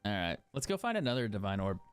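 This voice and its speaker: A man's voice: fairly low pitch, big pitch swings, fast, clean tone, dry recording, soft background music. A young man chatting casually as a game streamer, swearing freely and laughing often. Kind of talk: casual gaming stream commentary.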